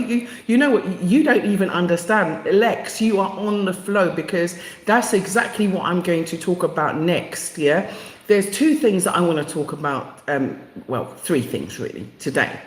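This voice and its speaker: Emotional woman hosting a live stream. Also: deep voice. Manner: effusive, emotional, talks straight to viewers by name. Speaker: livestream host. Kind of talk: casual live chat to viewers. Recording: echoey room with long reverb.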